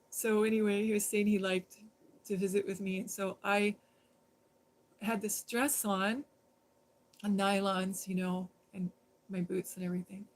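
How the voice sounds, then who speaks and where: A woman's voice: medium pitch, low-quality recording. A woman casually telling a personal story on a live stream, rambling and conversational with lots of fillers and restarts.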